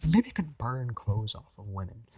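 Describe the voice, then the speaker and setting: A man's voice: medium pitch, very animated, normal speed, dark tone, close to an everyday voice. A man voicing a cocky, joking teenage boy with lightning powers in a read-aloud fan story. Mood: rambling. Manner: teasing, playful. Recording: noisy home recording.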